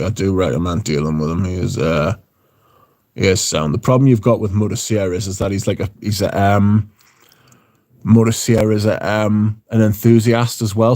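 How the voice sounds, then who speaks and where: A man's voice: lowish voice, darkish tone. A British man hosting a livestream, chatting casually and reading out viewer comments, swearing freely. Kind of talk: casual chat.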